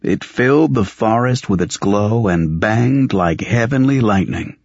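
Very deep, slow male narrator. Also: dry recording, highs cut off. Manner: steady, measured storytelling. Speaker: audiobook narrator. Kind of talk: scripted fiction narration.

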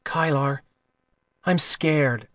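A man's voice: a little high, drawn-out words, a bit bright, no room sound, studio quality. A man voicing a young girl accomplice in his plain narrating voice, in an audiobook.

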